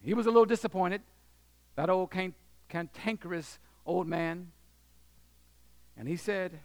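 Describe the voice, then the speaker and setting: High-voiced man telling a sermon story. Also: unhurried, long pauses, a little mellow. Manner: dramatic storytelling, acting out voices, asks the audience if they are listening. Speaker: preacher. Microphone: handheld or stand microphone.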